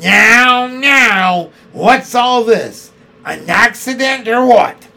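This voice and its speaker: A man reading a storybook aloud voices a blustering, angry policeman who shouts and stumbles over his words. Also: very high voice, animated, extremely slow, creaky, voice pushed up, exaggerated voice.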